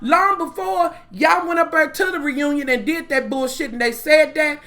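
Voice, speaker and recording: A woman's voice: high-pitched, normal speed, a bit bright. A young woman vlogger giving a blunt, foul-mouthed, exasperated rant reviewing reality TV. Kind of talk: profane ranting commentary.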